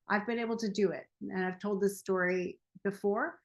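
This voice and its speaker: A woman's voice: medium pitch, steady tone, moderate pace. A woman in her forties, a self-help coach, talking casually and laughing often as she tells a personal story. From United States. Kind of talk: casual monologue.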